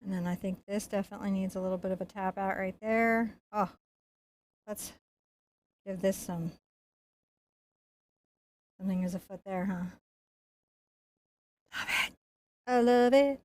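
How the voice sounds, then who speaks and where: A woman's voice: medium pitch, flat delivery, normal speed, long pauses, a little mellow. A woman giving a painting lesson, chatting playfully and joking as she works. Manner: chatty, playful, jokes and laughs while painting. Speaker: painting instructor.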